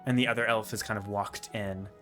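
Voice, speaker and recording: A man narrating as game master, talking in a relaxed, rambling way with lots of fillers. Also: lowish voice, fairly quick, faint music behind.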